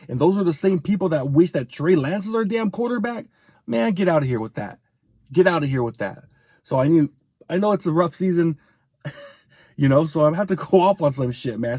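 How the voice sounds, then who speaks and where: A man giving a heated, profane fan rant as a sports commentator, venting in rapid bursts. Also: fairly high pitch, warm tone, slightly rough, no echo, clean studio sound.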